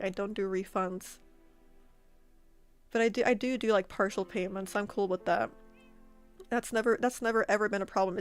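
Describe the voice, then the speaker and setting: Chatty woman streamer, smooth voice. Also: medium pitch. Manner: animated, laughs often, repeats words while telling a story. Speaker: streamer and artist. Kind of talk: casual storytelling to chat. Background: faint background music.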